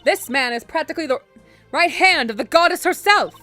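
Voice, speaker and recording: Brief: woman playing a haughty young lady prosecutor, clipped and commanding, on the higher side. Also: animated, brisk, sharp tone, faint music behind. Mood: imperious.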